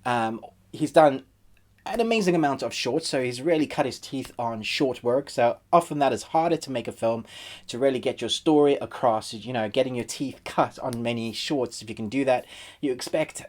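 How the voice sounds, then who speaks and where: A man's voice: mid-range voice, normal speed, a little mellow. Chatty man reviewing a film. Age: adult, married. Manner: chatty and conversational, acts out viewers' reactions. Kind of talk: casual video review.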